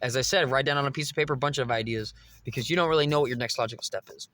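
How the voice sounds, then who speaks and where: A man's voice: mid-range voice, very fast, a bit bright. A young man vlogging, telling a rambling, profane story straight to his viewers. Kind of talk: casual monologue to camera.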